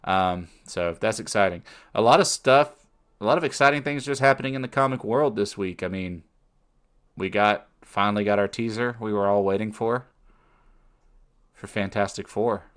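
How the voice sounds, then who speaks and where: A man co-hosts a relaxed podcast conversation. His voice sits very low, and he talks in an even, unhurried way. He keeps reaching for ums and uhs as he thinks aloud. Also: clear, resonant tone. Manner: measured, with many fillers. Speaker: podcast co-host. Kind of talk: casual chat.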